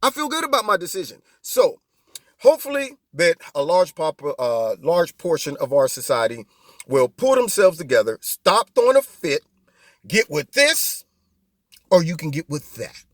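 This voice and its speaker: A man hosting his own political commentary show, talking in an animated, mocking way full of rhetorical questions. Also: fairly high pitch, normal speed, no room sound, clean studio sound.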